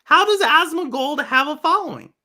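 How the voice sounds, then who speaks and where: A woman's voice: high voice, animated, moderate pace, sharp tone. A woman from Houston with a light Texan twang, hosting a podcast in blunt, questioning casual chat. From Houston, Texas. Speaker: podcast host.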